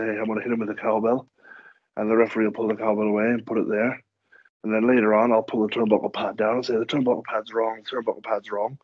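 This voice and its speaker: A man's voice: mid-range voice, slightly rough, no room sound. A man, a wrestler guest on a podcast, telling rambling stories in casual chat and acting out the quotes. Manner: rambling, animated storytelling with acted-out quotes. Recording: dull lo-fi sound.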